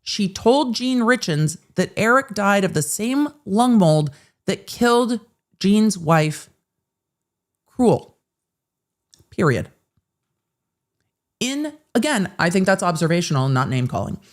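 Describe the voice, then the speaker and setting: A woman's voice: medium pitch, sing-song, slow pace, pauses often. A woman hosting live legal commentary, sarcastic and blunt, and she swears freely. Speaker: host.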